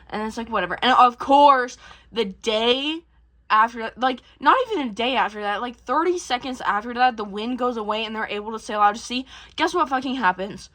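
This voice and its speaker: A young woman casually recapping a film, rambling and swearing, jumping into quick voices for the characters. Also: on the high side, fairly bright tone. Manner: rambling and profane, acts out characters in quick bursts. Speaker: vlogger.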